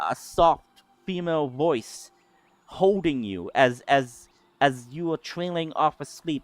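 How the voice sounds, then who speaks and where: A man's voice: on the high side, no echo. A man narrating as game master, describing scenes while searching for words.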